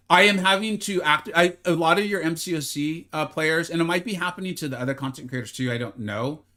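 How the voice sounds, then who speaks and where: A man streaming a mobile fighting game live, chatting casually with his viewers, joking at his own expense, and sometimes slipping into a mock infomercial pitch. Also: sharp tone. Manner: chatty, self-deprecating, bursts into mock infomercial hype. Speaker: gaming streamer.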